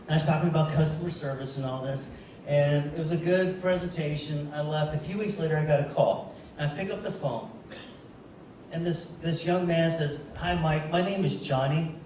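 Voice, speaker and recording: A man's voice: on the high side, brisk, darkish tone, a little hiss or hum. A man giving a keynote speech as a motivational speaker, telling a story and speaking straight to the audience. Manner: storytelling, addresses audience directly. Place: large event hall. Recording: very echoey hall from far off.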